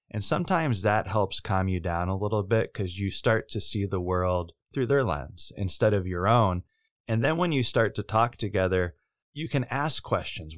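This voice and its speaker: A man's voice: lowish voice, no room sound, clean studio sound. A man co-hosting a podcast, talking earnestly and reflectively about resolving conflict. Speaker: podcast co-host. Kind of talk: reflective advice talk.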